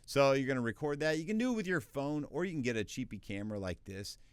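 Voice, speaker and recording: A man casually explaining voiceover basics, quick and loose with filler words. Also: medium pitch, lively intonation, smooth, no echo. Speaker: voiceover tutor. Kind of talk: casual tutorial talk. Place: small home recording space.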